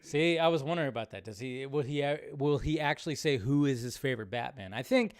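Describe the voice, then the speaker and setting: A man's voice: medium pitch, quick pace, clear, resonant tone. A man hosting a live show, chatting loosely through casual reaction commentary. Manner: chatty, rambling, loose fillers.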